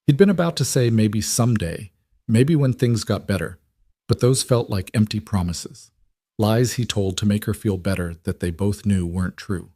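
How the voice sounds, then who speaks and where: A man narrates a heartfelt story in an even, measured way. His voice sits fairly low. The sound is close and dry, with no room echo. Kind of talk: scripted narration.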